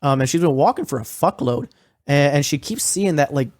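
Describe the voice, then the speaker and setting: A man's voice: a little high, animated, a little fast, a little mellow, dry recording, clean studio sound. A man co-hosting a podcast, recapping a horror series in casual, profane, rambling talk full of fillers. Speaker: podcast co-host.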